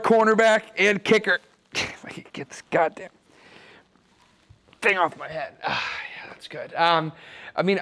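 A man's voice: on the high side, close to an everyday voice. A young man playing a smug, oblivious rich guy who shows off his loft in a rambling, boastful, mock-sentimental way. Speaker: comedic character giving a home tour. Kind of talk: improvised parody home-tour sketch. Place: apartment loft, walking room to room.

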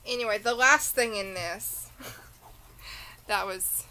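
A woman's voice: mid-range voice, slow pace, sharp tone, low-quality recording. A tired woman with a Southern accent, rambling through a casual beauty unboxing chat full of tangents. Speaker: beauty vlogger.

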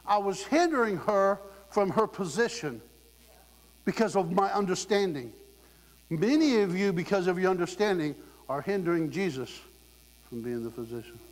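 A man's voice: high-pitched, animated, moderate pace. A male preacher delivering a sermon, emphatic and exhorting his congregation. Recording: long hall reverb with faint mains hum.

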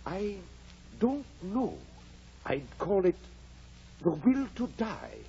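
An actor playing a blunt but caring older country doctor in a 1940s radio drama, wry and then gravely earnest. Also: male voice, high voice, sing-song, takes it slowly, dark tone, heavily acted. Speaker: Doctor Kenneth. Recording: dull, faintly hissy 1940s radio broadcast.

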